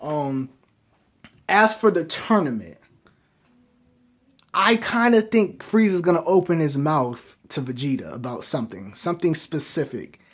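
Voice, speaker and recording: A man giving casual fan commentary, talking excitedly and asking rhetorical questions over and over. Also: fairly high pitch, unhurried, pauses often, husky. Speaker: anime reviewer.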